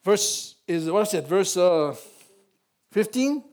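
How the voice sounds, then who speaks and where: An older man preaching in a church, emotional, repeating phrases and rising to loud peaks. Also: high-pitched, animated, takes it slowly, slight background noise. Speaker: pastor. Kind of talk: sermon.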